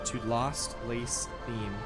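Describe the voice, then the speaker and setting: A man's voice: medium pitch, steady tone, slow pace, over loud music. A young man streaming a game, rambling casually with lots of swearing, restarts and "bro". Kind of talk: casual gameplay commentary.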